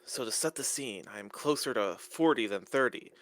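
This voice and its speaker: A man reading a story aloud to friends, in a lively, animated way. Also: mid-range voice, normal speed, no room sound. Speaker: story reader.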